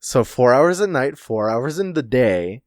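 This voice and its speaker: A man's voice: medium pitch, big pitch swings, a little slow, no echo, studio quality. A young man co-hosting a podcast in casual chat, laid-back and swearing freely, trailing off and restarting his sentences. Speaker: podcast co-host.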